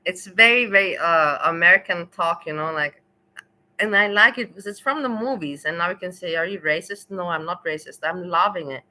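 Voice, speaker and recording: A woman streamer whose first language is not English talks in a bright, forward voice. She rambles through blunt, opinionated commentary in a loose, casual livestream manner. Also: lowish voice, expressive, brisk, poor audio.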